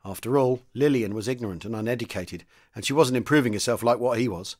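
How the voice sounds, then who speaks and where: A man's voice: mid-range voice, quick pace. Man reading a wartime novel aloud. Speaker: podcast host reading a novel. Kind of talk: audiobook-style reading.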